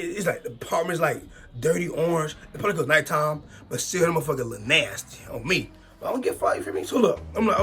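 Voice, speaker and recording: A young man, telling a long storytime with slangy, repetitive, excitable talk. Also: high voice. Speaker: storytime YouTuber. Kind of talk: animated storytime monologue.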